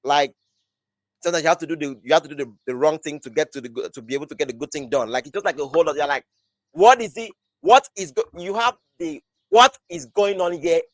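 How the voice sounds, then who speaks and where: A young man hosts a casual live podcast, rambling and restarting his sentences with constant "like". His voice sits a little high, and the recording is dry and close. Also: dry recording. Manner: rambling, restarts often, says "like" a lot. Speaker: podcast host. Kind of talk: casual live-stream chat.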